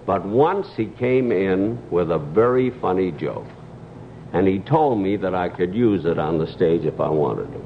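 An older man, a guest comedian, telling anecdotes on a talk show with a dry, measured delivery and pauses. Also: deep voice, animated. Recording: dull old TV audio with hiss.

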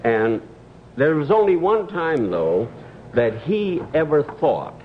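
An older man, a guest comedian, telling anecdotes on a talk show with a dry, measured delivery and pauses. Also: fairly high pitch, big pitch swings. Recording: dull old TV audio with hiss.

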